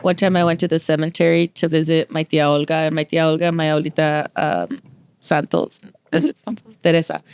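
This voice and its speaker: A young woman co-hosting a podcast, telling stories in casual chat, animated and swearing freely. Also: sits low, brisk, clear, resonant tone. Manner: animated storyteller, swears freely, acts out quotes. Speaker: podcast co-host.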